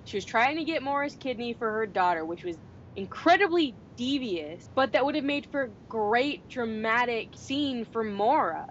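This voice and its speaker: A woman's voice: on the high side, expressive, normal speed, a little hiss or hum. A woman co-hosting a casual chat about a TV episode, blunt and critical, swearing now and then. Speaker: podcast co-host. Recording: dull lo-fi sound.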